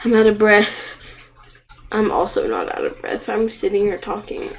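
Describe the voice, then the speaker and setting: A woman's voice: medium pitch, sing-song, moderate pace, rough recording. A young woman streaming a game live, gasping and crying out at the game, then rambling to her viewers.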